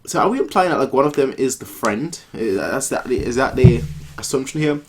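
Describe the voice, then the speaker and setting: A man's voice: mid-range voice, expressive, a little fast, husky. A man hosting a reaction video, giving casual commentary and thinking aloud with hesitant restarts.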